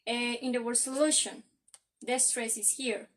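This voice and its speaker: A woman's voice: on the high side, fairly even intonation. A young woman with a Colombian Spanish accent, giving a careful class presentation on word stress. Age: young adult. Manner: slow, careful, explanatory. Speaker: student presenter.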